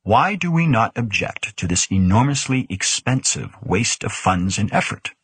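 A stern, brooding male official speaks in a deep, grave voice, as a male narrator puts him on. He is measured and slightly husky in a dry, close audiobook recording. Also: expressive, fairly bright tone, no room sound.

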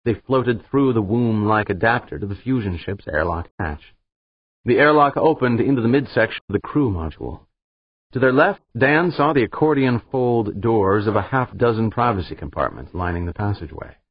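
A man narrating an audiobook in a steady, measured reading style. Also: on the low side, breathy edge, no room sound. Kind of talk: scripted narration. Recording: slightly dull, dry recording.

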